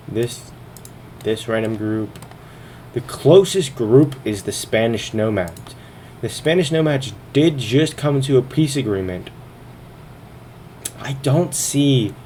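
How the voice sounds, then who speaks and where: A man's voice: mid-range voice, darkish tone, slight background noise. A man casually commenting on a strategy game, thinking aloud as he narrates each turn, sometimes a little out of breath. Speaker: gaming video host.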